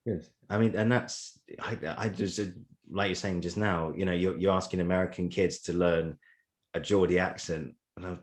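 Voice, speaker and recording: Deep voiced guy hosting a podcast, rambly, lots of ums. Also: fairly even intonation, moderate pace. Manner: rambling, filler-heavy, laughs between his points. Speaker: podcast host. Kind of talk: casual interview chat.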